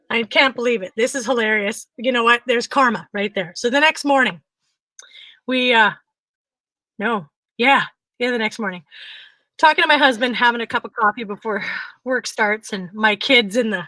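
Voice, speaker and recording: A woman co-hosting a talk show, telling a funny story in a casual, animated way and acting out what others said. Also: a little high, normal speed, long pauses, no echo. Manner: animated, frequent laughter, acts out quotes. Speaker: podcast co-host.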